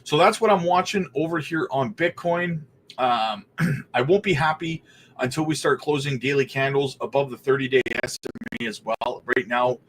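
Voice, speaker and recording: A man's voice: mid-range voice, fairly bright tone, a little hiss or hum. A man hosting a crypto live stream, greeting chatters by name and talking through price charts in a casual, upbeat way. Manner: upbeat, greets chatters by name, calls them buddy and brother.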